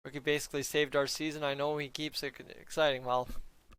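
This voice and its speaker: A man's voice: fairly high pitch, flat delivery, quick pace, a bit bright, smooth, no room sound. A young man giving a casual, joking play-by-play reaction to a hockey game for his viewers. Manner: chatty, joking asides to viewers.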